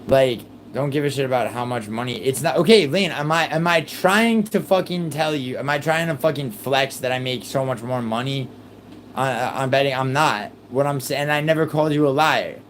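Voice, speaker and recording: A young man hosting a livestream, arguing heatedly with his chat, exasperated and swearing in rapid outbursts. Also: medium pitch, fairly bright tone, a little hiss or hum, low-quality recording. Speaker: livestream host.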